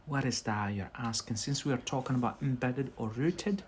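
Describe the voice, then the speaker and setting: A man's voice: medium pitch, moderate pace, few pauses, a little hiss or hum. A man teaching an English lesson on a live stream, chatty and often checking in with a questioning "yeah?". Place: in Scotland.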